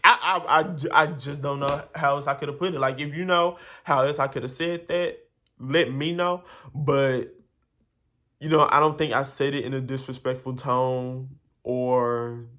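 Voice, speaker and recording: A man's voice: mid-range voice, a little slow. A man telling a personal story to camera in a casual, rambling way, exasperated and full of asides to his viewers. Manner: rambling, animated, exasperated retelling with many asides.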